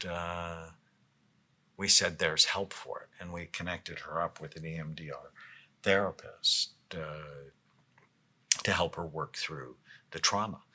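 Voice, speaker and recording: Middle-aged male podcast co-host, very low pitch, bright forward tone, calm explaining manner. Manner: calm, explanatory, often drops to a soft low voice. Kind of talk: casual podcast conversation.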